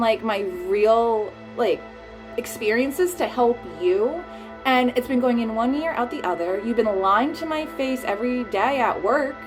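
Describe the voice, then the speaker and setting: A woman retelling a personal story in a heated, casual rant, swearing often. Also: on the high side. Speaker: vlogger.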